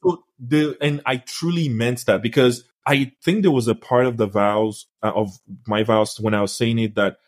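A young man co-hosting a casual podcast chat, telling stories in an animated, playful way. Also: medium pitch, moderate pace, few pauses. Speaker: podcast co-host.

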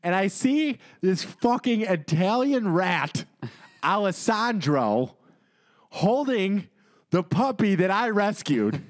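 A man, co-hosting a casual podcast and ranting indignantly with lots of swearing. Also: sits high. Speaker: podcast co-host. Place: home podcast studio.

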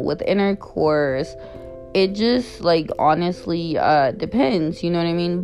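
A woman's voice: low voice, darkish tone. A young woman giving candid, blunt advice in a casual chat, with frequent fillers.

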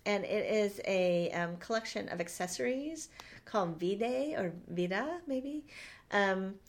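A woman's voice: medium pitch, animated, a little slow. A woman co-hosting a podcast, chatting casually and rambling with lots of ums and restarts. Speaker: podcast co-host. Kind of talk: casual chat.

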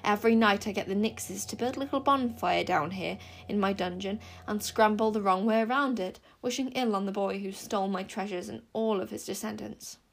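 A woman's voice: a little fast, vocal fry, hardly any pauses. A young woman voicing a bitter lake monster. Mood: menacing. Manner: spitting, bitter, low and menacing. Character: hateful many-eyed male lake monster.

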